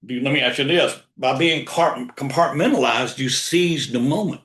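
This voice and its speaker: A man's voice: mid-range voice, normal speed, a bit bright. An older man giving a motivational sales coaching talk, repeating key lines for emphasis. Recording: roomy echo.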